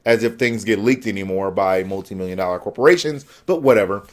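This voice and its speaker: A man's voice: medium pitch, quick pace, few pauses. A man ranting heatedly about a gaming event, exasperated and sarcastic. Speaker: gaming vlogger. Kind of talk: angry rant.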